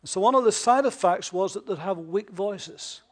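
High-voiced emphatic male preacher. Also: normal speed. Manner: emphatic, with rhetorical questions and swings between loud and hushed. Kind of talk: sermon.

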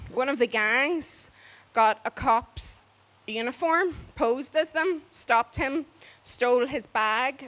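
Lively woman telling a story. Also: fairly high pitch. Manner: lively, acts out other people's voices, laughs as she talks. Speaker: storyteller on a church mission trip. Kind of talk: casual spoken storytelling.

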